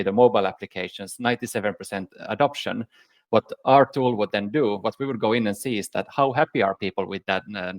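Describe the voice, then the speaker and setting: A man speaking as a panel guest, measured and thoughtful, with frequent "uh" hesitations. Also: fairly low pitch, no room sound. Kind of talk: conversational panel talk.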